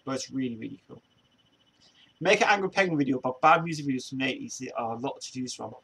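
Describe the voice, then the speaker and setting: A man's voice: mid-range voice, quick pace, vocal fry, pushed and bright, slightly rough. A man hosting a casual chat show, rambling with many restarts and laughing often. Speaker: show host.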